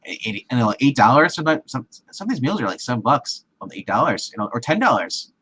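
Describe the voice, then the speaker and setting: A man's voice: medium pitch, sing-song, quick pace, crowd noise, low-quality recording. A man casually retelling a film scene with many restarts and acted-out quotes, as a movie show co-host. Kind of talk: casual movie recap chat.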